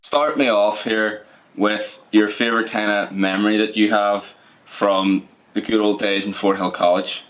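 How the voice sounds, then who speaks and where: A man's voice: lowish voice, level tone, measured pace, fairly bright tone. A young man from Northern Ireland with a Northern Irish accent, hosting a podcast in a jokey, casual way. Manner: laughs often, jokey. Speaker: podcast host. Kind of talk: casual chat.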